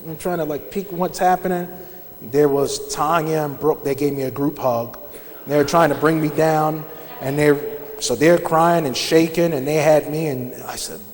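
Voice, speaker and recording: Halting man testifying in a reverberant church. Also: fairly high pitch, darkish tone, a little hiss or hum. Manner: conversational, halting storytelling with frequent restarts. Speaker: church member giving testimony. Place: church sanctuary. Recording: long reverb of a large church hall.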